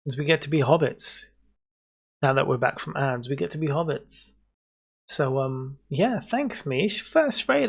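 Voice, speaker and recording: A man's voice: fairly high pitch, expressive, normal speed, vocal fry, fairly bright tone, husky. A British man chatting with his viewers in a jokey, rambling way while he plays a game. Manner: jokey, rambling banter with chat. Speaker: streamer. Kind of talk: casual livestream chat.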